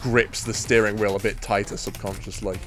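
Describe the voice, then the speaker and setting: A man's voice: fairly low pitch, fairly quick. A man co-hosting a podcast, chatting casually about fan writing and acting out character lines as he talks. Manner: animated, acts out character lines while talking. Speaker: podcast co-host.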